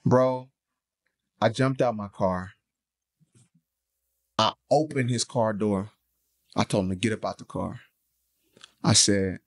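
A man co-hosting a faith podcast, mixing emphatic preaching with animated, slangy storytelling. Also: on the low side, slow, pauses often. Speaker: podcast co-host.

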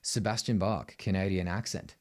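A middle-aged man with an Australian accent gives a singing lesson straight to camera. His voice sits a little low, and he talks in an emphatic, blunt way, tagging "right?" onto most of his points. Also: fairly even intonation, normal speed. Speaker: singing teacher. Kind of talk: vocal tutorial to camera.

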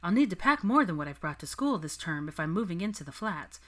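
A woman reading the lines of a refined, headstrong young witch in a crisp, determined manner. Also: on the low side, big pitch swings, fast talker.

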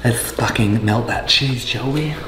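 A young man cooking in his home kitchen, talking in a casual, excitable, sweary way. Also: mid-range voice, a little slow, heavy background noise. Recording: echoey kitchen with music behind.

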